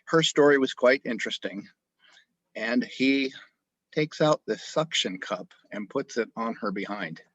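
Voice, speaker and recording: Male doctor, husky mid-pitched voice, dry muffled video-call sound, lively storyteller. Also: measured pace, no room sound. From grew up in Japan. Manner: animated storyteller, frequent restarts. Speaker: osteopathic family physician. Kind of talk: storytelling interview.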